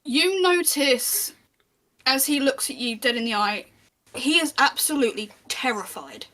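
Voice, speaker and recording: A woman running a tabletop game as game master, narrating scenes in a chatty, descriptive way. Her voice is high and bright, with a sharp edge. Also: lively intonation, measured pace. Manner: descriptive, chatty, with small restarts.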